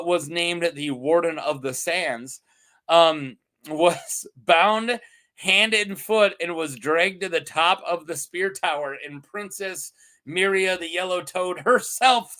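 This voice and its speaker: A man's voice: high-pitched, sharp tone. A man hosting a lore channel, chatting casually and animatedly, rambling and laughing often.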